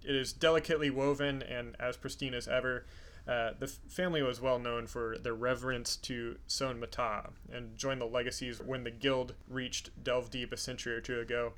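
A man running a tabletop game, narrating the scene in a calm, descriptive way with an occasional "uh". His voice is mid-pitched and unhurried. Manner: descriptive, relaxed, with frequent fillers. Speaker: game master.

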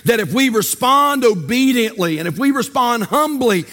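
A man's voice: extremely high pitch, lively intonation, moderate pace, a bit bright, in a large hall. An older man preaching a sermon as pastor, folksy and storytelling, with rhetorical questions. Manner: folksy, asks rhetorical questions and tells stories.

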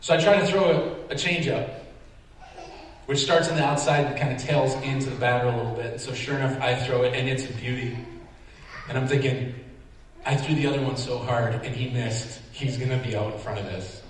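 A man preaching in a big sanctuary, caught from a distance so his voice carries a long, echoey hall reverb. He tells a lively story with self-deprecating humor and plays out his own reactions. A faint hum of room noise sits underneath. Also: mid-range voice, a little fast. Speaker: pastor. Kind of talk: sermon storytelling. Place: large church sanctuary.

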